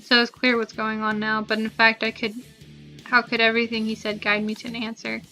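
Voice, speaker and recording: A young woman plays through a story game, reading the text and musing casually about its mysteries. Her voice is bright and crisp, and faint game music plays underneath. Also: fairly high pitch, completely flat delivery, brisk, low-quality recording. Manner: chatty, thinking aloud. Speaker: let's-play gamer.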